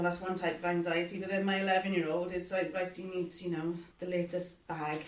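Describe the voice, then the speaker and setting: A woman in her forties from the UK, chatting earnestly in a casual podcast panel discussion. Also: lowish voice. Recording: roomy, distant mic.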